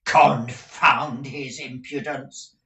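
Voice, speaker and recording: Man as a bullying schoolmaster, loud and sneering, bright sharp tone, echoey room. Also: medium pitch, fairly even intonation, very slow, distant mic, pitched above the performer's own voice, full character voice. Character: blustering cruel male schoolmaster, middle-aged.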